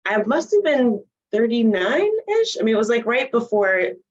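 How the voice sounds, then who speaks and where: A woman in her forties telling her story in a casual interview, animated and laughing often. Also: on the high side, moderate pace, highs cut off. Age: 40s. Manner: animated, laughs often, acts out quoted voices. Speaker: guest, bodybuilding coach.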